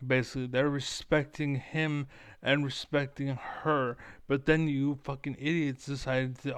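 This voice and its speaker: A man's voice: a little high, moderate pace, clean tone, no room sound. A man streaming, ranting in a profane, heated and blunt way as a former competitive gamer. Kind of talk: ranting livestream monologue.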